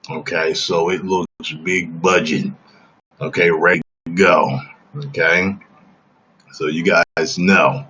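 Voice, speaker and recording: Deep-voiced man on a casual stream. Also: fairly bright tone, slightly rough, dull audio. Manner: emphatic, keeps asking "okay?". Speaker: livestream host. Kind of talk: casual livestream chat.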